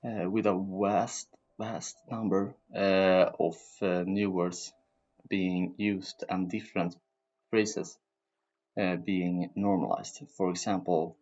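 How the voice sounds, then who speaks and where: A man reading a school presentation in a hesitant way, with many filler pauses. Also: low voice, steady tone, darkish tone, dull audio.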